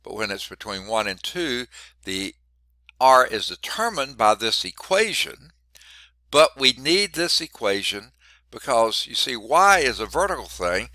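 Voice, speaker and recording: A man teaching a math class while congested and short of breath, clearing his throat often and adding wry asides. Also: mid-range voice, sing-song, a little slow, sharp tone, dry recording. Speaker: math instructor. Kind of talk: classroom lecture.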